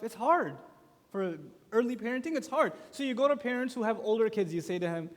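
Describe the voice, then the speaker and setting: A man speaking at a youth conference, giving a religious lecture with animated storytelling and acted-out quotes. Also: high-pitched, quick pace. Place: large conference hall. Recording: long echo of a large conference hall.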